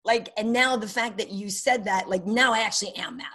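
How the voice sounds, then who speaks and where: Animated woman telling stories. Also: mid-range voice, fairly quick. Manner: animated, acts out quoted dialogue. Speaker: sports broadcaster, podcast guest. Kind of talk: casual interview storytelling.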